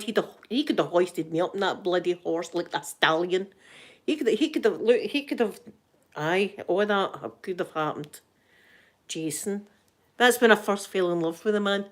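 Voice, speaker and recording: An older woman with a Scottish accent, chatting casually and cheekily as an ASMR host, laughing often. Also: medium pitch.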